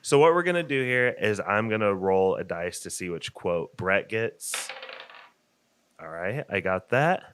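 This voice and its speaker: A man's voice: on the low side, unhurried, slight background noise. Upbeat Northern Indiana man hosting. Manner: energetic, laughs often while running a game. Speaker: podcast host. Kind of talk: casual chat.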